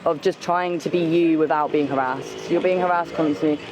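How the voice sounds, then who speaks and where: A woman's voice: low-pitched, fairly even intonation, brisk. Emphatic British woman on a busy street. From United Kingdom. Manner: emphatic, repeats herself for stress. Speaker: interviewee. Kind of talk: street interview. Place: busy city street outdoors. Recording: outdoor street crowd noise.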